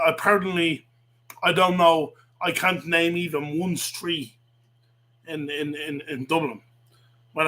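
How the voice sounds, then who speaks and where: A man in casual solo chat as a radio host, rambling and halting as he thinks aloud. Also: on the high side, pushed and bright.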